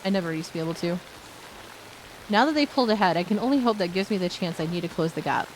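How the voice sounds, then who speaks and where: A woman's voice: fairly low pitch, fast talker, slight background noise. Woman streamer reading a story aloud. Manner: steady narration broken by candid asides.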